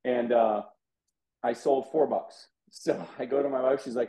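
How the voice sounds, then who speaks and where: A man tells his story in a mellow, relaxed voice, casual and animated, and acts out both sides of the conversations he describes. The sound is echoey, as if he were in a bare room on a video call. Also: mid-range voice, a little slow. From Houston, USA. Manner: animated, acts out quoted dialogue. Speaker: interview guest, card collector.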